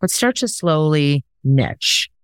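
A woman's voice: deep voice, lively intonation, slow, smooth, dry recording. A woman hosting a podcast in casual conversation, talking in an emphatic, coaching way. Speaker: podcast host.

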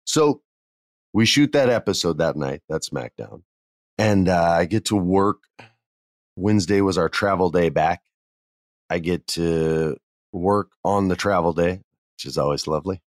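A man casually telling a backstage story, animated and acting out the people he quotes. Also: low voice, a little slow, long pauses, no room sound, studio quality. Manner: animated, acts out quoted voices. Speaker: podcast guest telling stories.

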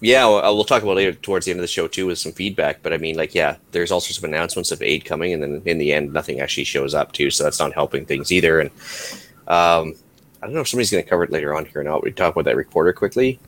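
A man's voice: extremely low pitch, very fast, fairly bright tone. A Canadian man co-hosting a podcast, chatting casually and joking as he rambles through the news. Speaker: podcast co-host. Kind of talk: casual chat.

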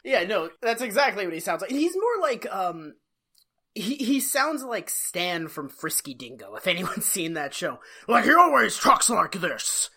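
A woman co-hosting a podcast, casually recapping an episode with profane jokes and quick put-on voices. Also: lowish voice. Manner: profane, joking, animated retelling. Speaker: podcast co-host.

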